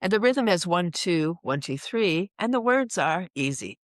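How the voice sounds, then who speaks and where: A woman's voice: mid-range voice, unhurried, no room sound. A woman who teaches laughter yoga, talking in a casual interview and acting out little voices and laugh sounds as she goes. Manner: animated, acts out voices and laughs.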